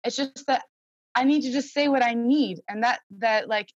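A woman's voice: a little high, moderate pace, slightly rough, dry recording, highs cut off. A young woman speaking candidly as a podcast guest, reflective and open, with many fillers.

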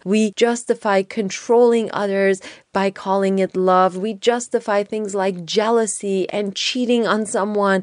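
A woman speaking in an earnest, measured and emphatic way, giving a reflective monologue on a spiritual theme. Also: mid-range voice, a little mellow, no echo, studio quality.

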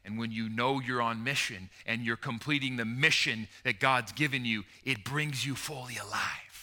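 A man's mid-range voice carries a passionate sermon at normal speed. He lingers on key words and swings back and forth between loud emphasis and hushed, emotional tones.

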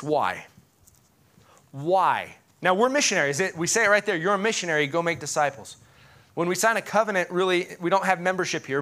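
Male pastor, high bright voice, lively sermon delivery with jokes and questions to the room. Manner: animated, joking asides, pauses to ask the congregation.

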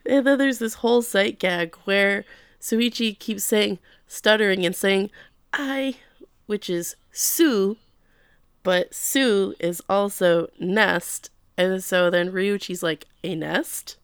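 A woman's voice: mid-range voice, takes it slowly, clean tone, no room sound, studio quality. A woman co-hosting a casual podcast recap, playfully acting out characters' lines as she tells the story. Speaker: podcast co-host recapping an anime. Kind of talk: casual chat.

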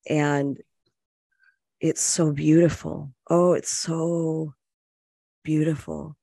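An interview host speaking slowly in a flat, steady tone with some gravelly fry. They affirm the guest's story warmly. The sound is dry and close. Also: medium pitch, dry recording. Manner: warm, affirming listener.

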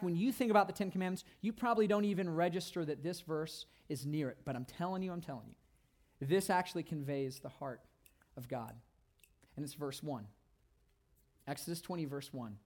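A pastor with a notably high voice preaches a sermon, emphatically repeating phrases to drive each point home. His delivery moves between loud, ringing declarations and quiet, hushed asides.

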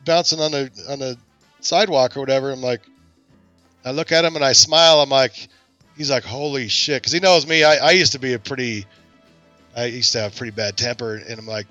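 Speaking fairly quickly in a mid-range voice, a man hosting a podcast works through a lengthy story, lively and performing each quoted voice in casual chat. The recording is dry and dull, with faint music behind him.

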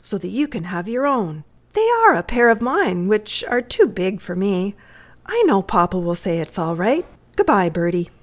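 A woman voicing a thoughtful, gentle young girl in a readers' theatre story reading. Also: mid-range voice, very animated, normal speed.

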